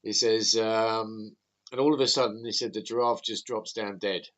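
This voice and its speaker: A man's voice: on the low side, normal speed. A man hosting a live stream, chatting casually and laughing easily. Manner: laughs easily, relaxed and amused.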